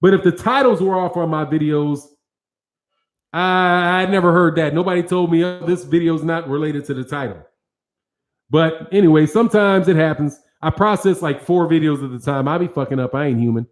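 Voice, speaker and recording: Hosting a boxing channel livestream, a man with a fairly high voice and normal pace reads viewers' chat aloud and talks back to them casually, using slang and profanity. He's on a studio mic with several cameras.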